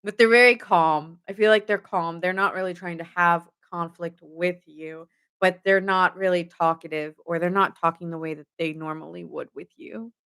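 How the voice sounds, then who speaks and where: Giggly low-voiced woman tarot reader. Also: fairly even intonation, moderate pace, a bit bright, smooth. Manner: giggly, laughs often mid-sentence; chatty, many fillers like "like" and "giving". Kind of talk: casual tarot reading to viewers.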